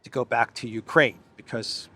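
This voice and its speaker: A man's voice: mid-range voice, steady tone, moderate pace, sharp tone. Sarcastic male political commentator. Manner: sarcastic, emphatic, frequent restarts. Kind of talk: solo news commentary.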